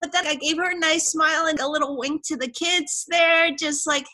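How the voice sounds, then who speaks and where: A woman's voice: high-pitched, steady tone, normal speed, hardly any pauses, bright, forceful tone. A woman from Hong Kong hosting a podcast, telling a reflective personal story in casual conversation. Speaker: podcast host.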